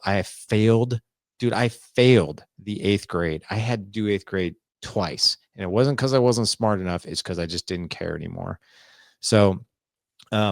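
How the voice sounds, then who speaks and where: A man in his forties with a low, gravelly voice appears as a podcast guest, telling a personal story in an earnest, confessional way and often acting out what people said. The studio recording is dry and clean.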